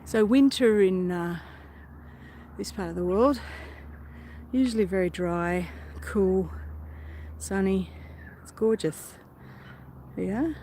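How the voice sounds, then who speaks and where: A female vlogger strolls through a park on a casual live stream, holding her phone as she films and chatting to viewers. She's rambling and easily distracted, speaking slowly in a mellow, mid-range voice, with faint outdoor noise behind her.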